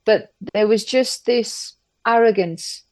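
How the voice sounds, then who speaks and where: A middle-aged woman from England, an interview guest telling stories briskly and with emphasis. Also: fairly high pitch, darkish tone, no echo. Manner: brisk, emphatic storytelling with acted-out quotes. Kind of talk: candid conversational interview.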